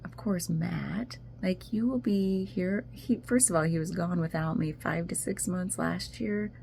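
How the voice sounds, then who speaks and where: Casting note: woman vlogger, very gravelly, mellow tone, emotional and rambling, faint room noise. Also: lowish voice, unhurried. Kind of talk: casual video journal.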